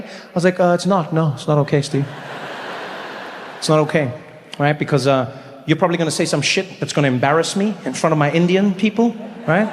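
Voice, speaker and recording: A middle-aged man from South Africa doing stand-up comedy storytelling, animated and acting out characters with big pitch jumps, on a large theater stage. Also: brisk, pauses often, a little hiss or hum. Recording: live hall with long reverb, faint ambience.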